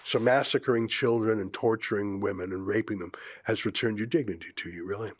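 A man's voice: lowish voice, fairly quick, no echo. A man hosting an opinion commentary show, speaking emphatically and firing off sarcastic rhetorical questions. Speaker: host.

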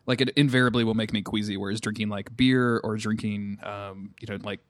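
A man's voice: lowish voice, fairly even intonation, fairly quick, no echo. A middle-aged man co-hosting a podcast in casual chat, joking and laughing often. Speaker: podcast co-host.

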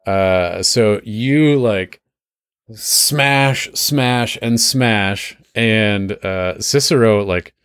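Low-voiced man running a tabletop game. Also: very slow, clear, resonant tone, dry recording, clean studio sound. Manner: relaxed, rambling, lots of fillers. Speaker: game master.

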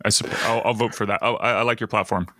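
Bright-voiced laughing podcast man. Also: fairly low pitch, fairly even intonation, fast, dry recording. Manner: laughs often, stumbles over words. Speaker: podcast co-host. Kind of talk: casual chat.

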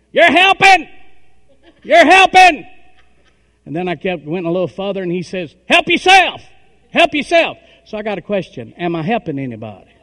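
A middle-aged man preaching a sermon, emphatic, with call-and-response and swings between loud and soft. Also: fairly high pitch. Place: church hall. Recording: long hall reverb.

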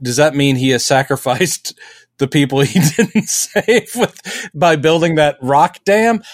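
Middle-aged male podcast co-host, lively and jokey, fairly high pitch, dry recording. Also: measured pace, no room sound. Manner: animated, acts out quotes in silly voices. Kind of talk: casual chat.

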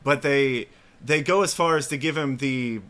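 A man's voice: mid-range voice, moderate pace, a bit bright. A man co-hosting a podcast, chatting loosely about a film and laughing easily. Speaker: podcast co-host. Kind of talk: casual film discussion.

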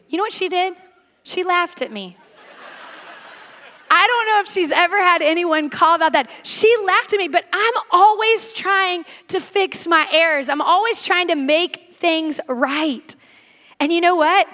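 A woman preaching a sermon, telling stories in quick, animated bursts. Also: sits high. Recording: reverberant hall.

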